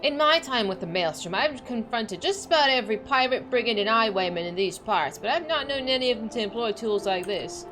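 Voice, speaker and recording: A woman's voice: fairly high pitch, lively intonation, brisk, few pauses, music in the background, natural voice. A woman voicing a blustering male sea officer in a game, speaking in a put-on seafaring dialect full of old sailor talk. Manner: old-fashioned sailor speech with ye, aye and ain't. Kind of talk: reading game dialogue aloud.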